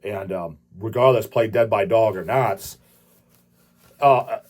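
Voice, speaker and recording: A man's voice: lowish voice, takes it slowly, darkish tone. A man hosting his own channel, ranting casually in a rambling, profane way and laughing often. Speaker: channel host.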